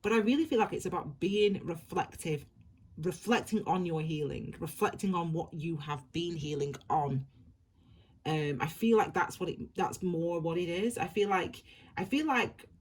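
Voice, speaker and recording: A woman's voice: on the low side, moderate pace, husky. A woman giving a tarot reading, rambling and repeating herself as she gushes reassurance at her viewers. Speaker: tarot reader.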